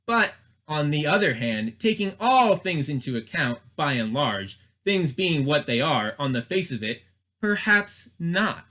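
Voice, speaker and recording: A man's voice: a little high, very animated, a little slow, pushed and bright, voice pushed down, exaggerated voice. A man voicing a stern, long-winded old male wizard in a children's storybook reading. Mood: stern, wordy.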